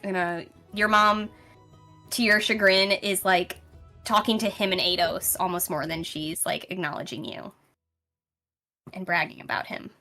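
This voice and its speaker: A woman's voice: on the low side, fairly even intonation, measured pace, sharp tone, faint music behind. A woman game master narrating a fantasy tabletop game in a casual, rambling way, with many fillers.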